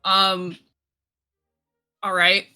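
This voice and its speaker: A woman's voice: mid-range voice, monotone, drawn-out words, sharp tone. A woman playing a tabletop game, joking around and slipping into a put-on New York accent. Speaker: player. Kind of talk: casual tabletop chat.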